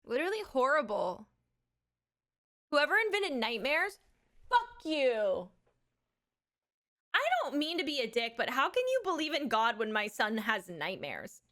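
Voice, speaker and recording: A woman streamer chatting casually and excitably with her audience, full of crude jokes and giggles. Her voice sits fairly high, with a bright, sharp edge. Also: a little slow, pauses often. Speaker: live streamer. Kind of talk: casual live-stream chat.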